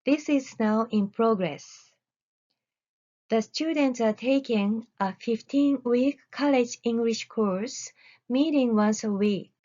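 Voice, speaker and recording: A woman researcher giving a recorded academic presentation, reading deliberately with careful pauses. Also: on the high side, warm tone, highs cut off.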